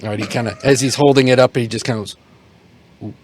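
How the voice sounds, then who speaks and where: A man narrating as game master of a tabletop game at a middling pitch. He talks in a rambling, halting way and circles back with plenty of fillers and restarts. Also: fairly even intonation, darkish tone.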